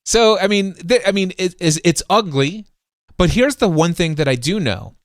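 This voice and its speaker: A man with a high voice hosts a podcast at a moderate pace, recorded in studio quality with no room sound. His storytelling is enthusiastic and animated, full of performed sounds and voices, with frequent restarts and stumbles.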